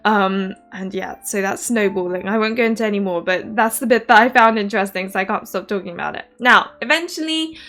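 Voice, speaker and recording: A woman chatting casually through a book review, animated and quick to act out the characters' lines in little asides, often laughing. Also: medium pitch.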